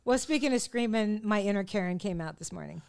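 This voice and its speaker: A middle-aged woman co-hosting a podcast, telling stories in a chatty, lively way and often breaking into laughter. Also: mid-range voice, fast talker, vocal fry, clean tone. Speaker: podcast co-host and comedian. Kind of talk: casual podcast chat.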